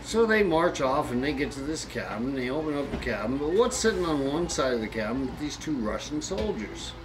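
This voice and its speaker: Folksy male storyteller with lively pitch. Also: brisk, low-quality recording. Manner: rambling, colloquial, with restarts. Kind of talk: folksy joke telling. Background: banjo music.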